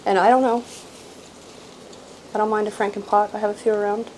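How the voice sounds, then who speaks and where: A woman's voice: medium pitch, little pitch movement, a little fast, darkish tone, slight background noise, poor audio. A woman hosting a casual houseplant vlog, chatty and self-deprecating, laughing often and trailing off with ums. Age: adult with grown daughter. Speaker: houseplant channel host. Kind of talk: casual show-and-tell vlog.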